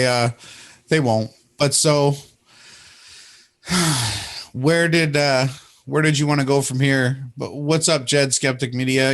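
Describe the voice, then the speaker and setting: A man hosting a casual livestream, indignant and mocking, rambling through his points. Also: medium pitch. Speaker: host.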